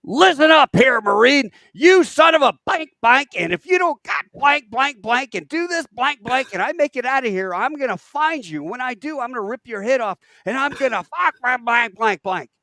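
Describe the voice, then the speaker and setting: A man acting out a furious young male Marine lieutenant who yells profane orders into a radio under fire. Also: on the high side, expressive, quick pace, creaky, hardly any pauses, dry recording, studio quality, voice pushed up. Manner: yelling, profane, commanding.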